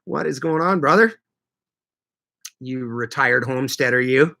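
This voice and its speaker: A man from Manitoba hosting a casual livestream, greeting viewers by name and chatting in a lively, laughing way. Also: medium pitch, a little slow, vocal fry. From Canada (Manitoba). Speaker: livestream host reading chat.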